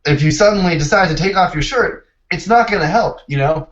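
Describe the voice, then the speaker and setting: A man chatting calmly on a podcast, reasoning through an example. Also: high-pitched, fairly quick. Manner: calm, reasoning. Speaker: podcast co-host. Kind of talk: casual chat. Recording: dull lo-fi mic.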